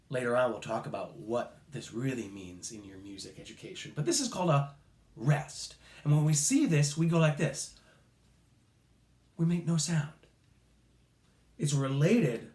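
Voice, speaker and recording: Playful male music teacher, slow sing-song. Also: medium pitch, roomy sound. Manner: playful, clapping and chanting rhythm syllables, sing-song. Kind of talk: call-and-response rhythm lesson for children.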